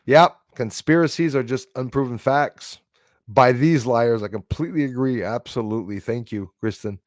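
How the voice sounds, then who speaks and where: A middle-aged man from Canada hosts a casual livestream, reading out viewer comments and musing between them. His voice sits at an ordinary middle pitch and is recorded dry and close. He rambles, chuckles and stumbles through restarts. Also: moderate pace, no echo. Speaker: livestream host.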